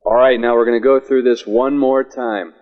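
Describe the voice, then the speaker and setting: An actor playing a stern male announcer in an anti-drug public service ad, speaking in a solemn, deliberate way. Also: medium pitch, fairly even intonation, lightly acted. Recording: dull, reverberant old ad recording.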